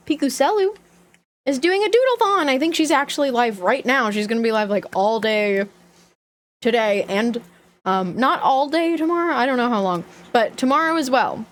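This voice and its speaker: A young woman streaming live, chatting casually, giggling and greeting viewers by name. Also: a little high. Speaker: livestreamer.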